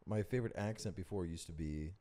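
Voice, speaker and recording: A man chatting casually as a podcast guest, relaxed and jokey, now and then slipping into silly voices. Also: sits low, fast. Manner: laid-back, drops into silly voices. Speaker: guest voice actor.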